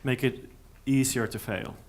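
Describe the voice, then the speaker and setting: A man stands before a conference audience, fielding questions. His voice sits in an ordinary middle register. He is thoughtful and halting, often restarting sentences as he works out his answers. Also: medium pitch, fairly even intonation. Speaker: conference speaker. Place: conference hall.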